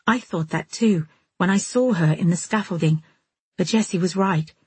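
A woman reading Harrison, a calm steady young man. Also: fairly low pitch, moderate pace, husky, dry recording. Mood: earnest.

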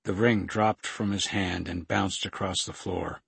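A man narrating an audiobook thriller in a steady, even reading on a close mic. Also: sits low, a little slow, vocal fry, slightly rough, no room sound.

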